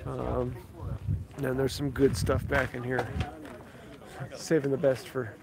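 A woodworking channel host gives a casual, chatty walk-through of tables at an outdoor tool sale, naming tools and listing prices as he goes. His mid-range voice is flat and slow with vocal fry. The recording picks up outdoor crowd noise and chatter.

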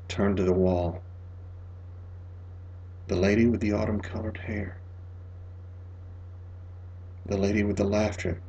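Mellow, husky male storyteller. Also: sits low, dull audio. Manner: measured, expressive, dropping to a near whisper in sad passages. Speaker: audiobook reader. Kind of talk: literary audiobook narration.

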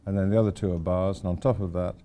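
A man's voice: low-pitched, steady tone, fast talker, warm tone. An older man, an architect giving an informal lecture, rambling through anecdotes with wry asides.

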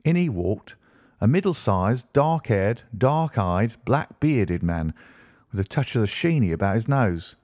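A man narrating an audiobook in an expressive first-person storytelling manner. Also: on the low side, a little slow, dry recording, clean studio sound.

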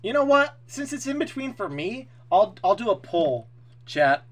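An excitable male streamer gives loud opinions to his live chat, swearing casually. His voice sits high and swings all over the place. He talks in a quick, animated way.

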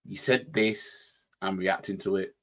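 Yorkshire man, fairly low voice, casual reaction commentary, rambling, restarts words. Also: steady tone, measured pace, fairly bright tone. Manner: rambling, repeats words while thinking. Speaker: reaction channel host.

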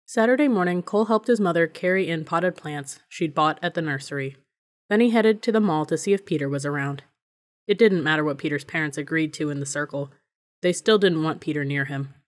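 A woman reading a novel aloud as an audiobook narrator, in a steady, even storytelling manner. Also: deep voice, a little fast. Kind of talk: scripted narration.

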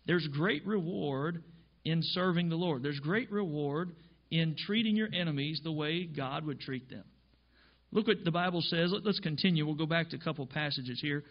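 A man's voice: fairly high pitch, moderate pace. A man pastor preaching a sermon emphatically, reading scripture aloud and explaining it. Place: church. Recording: dull lo-fi church recording.

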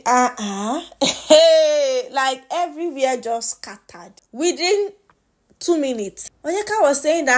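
Young Nigerian woman, gossip vlogger, slightly high voice, lively and laughing, drops Pidgin asides. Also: a little slow. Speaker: reality show gossip vlogger. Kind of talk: casual gossip recap.

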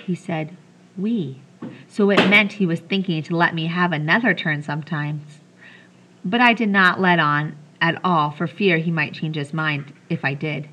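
A woman reads a children's story aloud in a bright, clear voice that sits a little low in pitch. She tells it gently and gives the characters light voices. A faint ambient hiss stays behind her. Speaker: audiobook reader. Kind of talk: reading a children's novel aloud.

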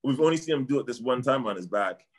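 Expressive and quick-paced, with a medium pitch, a middle-aged Canadian martial arts trainer talks casually as a guest about sports. He rambles, repeats points, and trails off with "I don't know."

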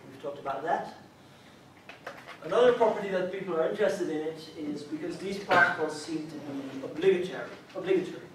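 A man giving an academic colloquium talk, explaining step by step and checking in with "right?". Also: on the high side. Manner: measured, explanatory, frequent "right?" check-ins. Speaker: lecturer. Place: lecture room. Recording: echoey hall, mic far off, faint hiss.

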